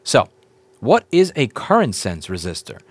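A man's voice: medium pitch, huge pitch swings, unhurried, breathy edge, dry recording. A man teaching board repair in a casual walkthrough, explaining step by step, repeating points and asking viewers questions as he goes.

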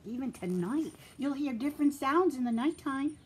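Gentle teacher reading aloud to children. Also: female voice, sits high, lively intonation, normal speed. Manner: gentle and encouraging, addresses children directly; drops to a soft whisper for quiet moments. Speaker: preschool teacher. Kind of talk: reading a picture book aloud to young children.

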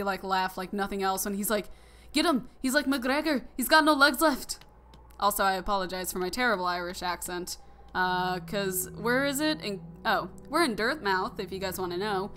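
A young woman giving casual, rambling gameplay commentary, full of fillers and quick laughs. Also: mid-range voice, fairly bright tone. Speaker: let's play commentator.

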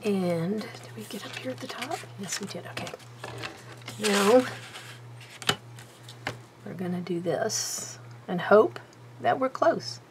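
A woman's voice: mid-range voice, takes it slowly, long pauses, background noise. A woman chatting casually to herself while she does a paper craft at her table, self-mocking and talkative. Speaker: craft video host.

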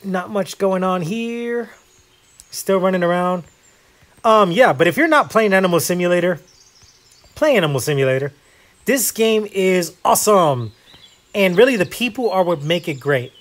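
A man with a high voice hosts a laid-back gameplay video, animated and moderately paced with frequent pauses. His talk wanders, runs self-deprecating, and is packed with filler words.

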